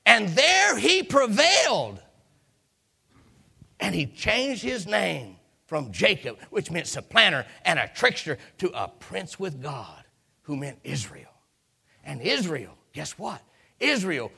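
Gravelly, bright-voiced preacher man. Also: mid-range voice. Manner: emphatic, storytelling preaching with repeated hallelujahs. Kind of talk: sermon.

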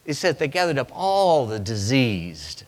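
A man preaching a sermon in a church, swinging from loud cries to hushed lines. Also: medium pitch, very animated, unhurried, big-room sound.

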